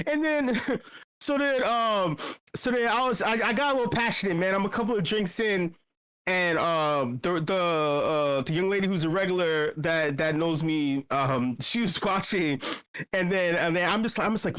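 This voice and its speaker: A man's voice: normal speed, smooth. A man telling a rambling bar story in a casual chat, swearing often, stumbling over restarts and acting out what people said. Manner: animated, profane, many restarts and fillers; acts out quoted speech with big pitch jumps. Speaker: meetup regular telling a story.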